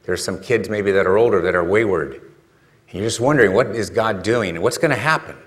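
Brief: male pastor, low-pitched, relaxed chat style of sermon that swells into emphatic questions. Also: a little fast. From California. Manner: conversational, rhetorical questions, builds to emphatic peaks. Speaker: preacher.

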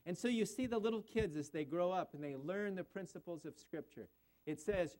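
A high-pitched male voice delivers an earnest sermon. He quotes scripture and speaks directly to the congregation before leading them in prayer. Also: moderate pace, darkish tone. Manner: earnest preaching, quoting scripture, ending in prayer. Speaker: pastor.

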